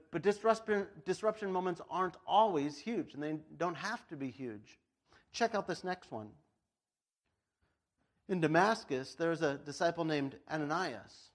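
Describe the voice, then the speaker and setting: High-voiced, chatty male preacher. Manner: chatty, laughs often, lots of "like"; storytelling, acts out voices. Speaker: pastor. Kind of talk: casual sermon.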